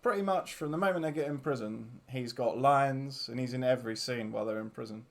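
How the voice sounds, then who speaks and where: A man's voice: mid-range voice, fairly quick, gravelly. Joking man hosting. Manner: joking, laughs often. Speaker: podcast host. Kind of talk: casual film chat.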